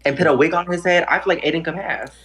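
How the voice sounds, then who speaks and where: A woman's voice: deep voice, rapid-fire, a bit bright. A woman in her twenties joining a stream, talking in a sassy, playful and brash way. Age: 20s. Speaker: guest. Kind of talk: casual stream chat.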